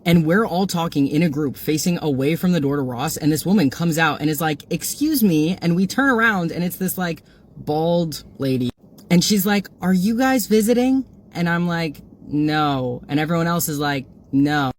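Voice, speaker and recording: A man's voice: on the high side, a little fast, a little hiss or hum. A young man casually recounting a strange encounter, rambling with lots of "like" and acting out quotes. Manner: rambling, full of "like", acts out quotes. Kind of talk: casual storytime chat.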